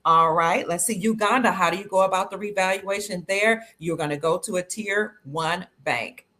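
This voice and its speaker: A fairly low, pushed and bright voice comes from this Cleveland, Ohio livestream host, who talks at a moderate pace. She keeps things casual and cheerful, welcoming viewers and reading their comments aloud.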